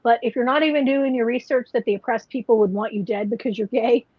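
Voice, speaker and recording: A woman's voice: a little high, fast talker, dry recording. Rambling woman, dull lo-fi sound. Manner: rambling, many "like" and "you know" fillers. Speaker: podcast co-host. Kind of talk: casual chat. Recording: dull lo-fi podcast audio.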